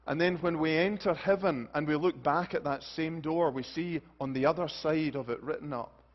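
A man preaching a sermon, swinging from loud, urgent rises to hushed, soft pleas. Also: a little high, normal speed, few pauses. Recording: dull lo-fi recording.

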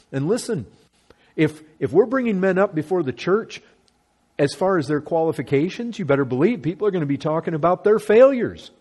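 A man's voice: on the high side, a little mellow, breathy edge. A man preaching a sermon as a pastor, earnest and emphatic, repeating phrases to drive his points home.

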